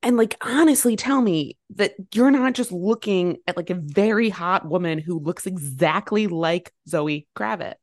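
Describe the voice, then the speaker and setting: A woman's voice: fairly low pitch, measured pace, few pauses. A woman in her thirties co-hosting a podcast, chatting casually and acting out quotes as she tells stories. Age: 30s. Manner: animated storytelling, acting out quotes. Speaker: podcast co-host. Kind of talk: casual chat.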